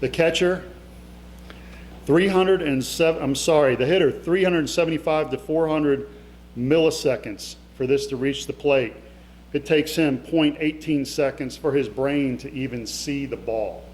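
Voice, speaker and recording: In an echoey event hall with a faint hum, a middle-aged man delivers a motivational storytelling speech as keynote speaker. Emotional and conversational, he addresses his audience directly in a slightly high, slightly mellow voice at a measured pace.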